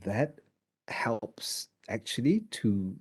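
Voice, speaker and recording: A man with a lowish, breathy voice and a Malaysian accent gives a drama lecture very slowly but with animation. He mixes Malay into his English and acts out examples as he teaches.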